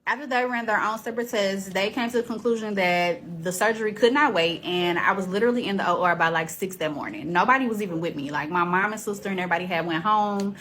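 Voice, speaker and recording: A woman's voice: mid-range voice, fast talker, few pauses, a bit bright, slight background noise. A woman vlogger telling her personal story in a casual, heartfelt way, then urging listeners to keep going like a preacher. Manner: earnest and encouraging, casual and heartfelt. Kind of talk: personal testimony vlog.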